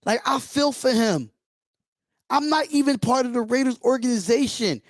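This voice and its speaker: This male livestream host reacts as a fan in an extremely high, expressive voice at normal speed. He's impassioned and blunt, cursing often, and the recording is dry and studio quality.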